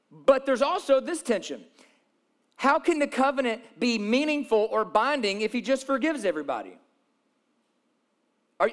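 A man preaching a sermon, reading scripture aloud and explaining it with emphatic repetition of key phrases. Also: extremely high pitch. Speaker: pastor.

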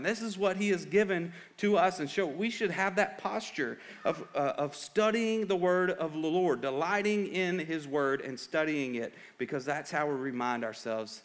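A man preaching a sermon in an earnest tone, rising to loud urgent emphasis and dropping to quiet reflection, often repeating words as he builds a point. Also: fairly high pitch, moderate pace, hardly any pauses. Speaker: pastor.

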